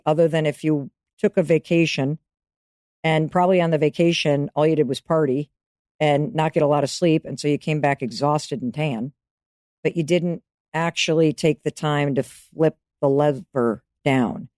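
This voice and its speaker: A woman's voice: sits low, measured pace, mellow, dry recording, studio quality. A woman in her fifties, a podcast guest giving advice in casual interview talk, emphatic and coaching, speaking straight to the listener.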